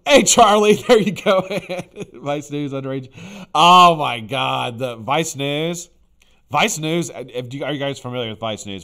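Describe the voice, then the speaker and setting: A man's voice: on the low side, fairly bright tone. A man hosting a live stream in casual chat, rambling and blunt, with frequent fillers and some swearing. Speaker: livestream host.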